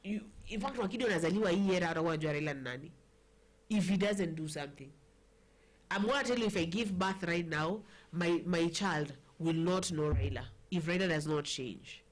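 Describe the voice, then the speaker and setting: A woman's voice: on the low side, a little fast. A woman with a Kenyan accent hosting a casual political chat show, chatty and playful, switching languages mid-sentence. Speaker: talk show host.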